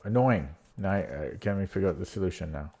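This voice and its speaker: A man's voice: low-pitched, lively intonation, fast talker, very noisy. A man streaming chess, thinking aloud while solving puzzles, muttering to himself and getting frustrated.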